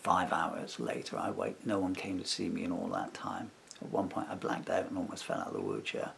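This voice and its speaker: There's slight background noise behind this man's deep, gravelly voice. In a personal vlog he rambles indignantly through a lengthy grievance, dramatizing what others told him.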